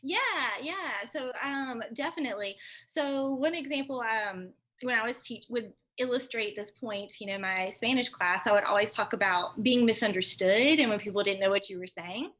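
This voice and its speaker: Young woman guest, slightly high voice, animated storyteller in casual interview. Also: moderate pace, hardly any pauses. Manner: chatty, animated storytelling with fillers. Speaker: interview guest, Spanish teacher.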